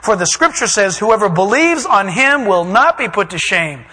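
Man, preacher, sermon, very high voice, bright tone, animated delivery. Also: normal speed, big-room sound, rough recording. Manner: animated, acts out voices and shouts for emphasis.

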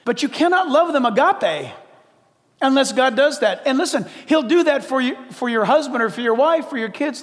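A man preaching a sermon as pastor, in a lively conversational way with acted asides. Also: very high-pitched, normal speed, in a large hall.

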